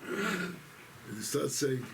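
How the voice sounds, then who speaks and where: Gravelly rabbi telling a rambling story. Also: male voice, on the high side, very animated, extremely slow, a little hiss or hum, poor audio. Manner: rambling, self-interrupting storyteller. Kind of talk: storytelling talk to a congregation. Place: synagogue.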